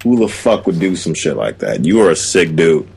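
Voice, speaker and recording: A man's voice: low voice, big pitch swings, moderate pace, vocal fry, a little mellow, slight background noise. A man playing a video game with a friend, answering his teasing with short, dry comebacks. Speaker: co-player. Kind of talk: casual let's-play banter.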